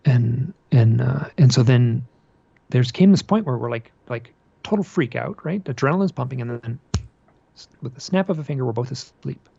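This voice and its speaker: A man being interviewed about a personal experience, telling it as an animated story, often repeating phrases and restarting his sentences. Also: mid-range voice, normal speed, vocal fry, slightly rough, dry recording, dull audio. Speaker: podcast guest.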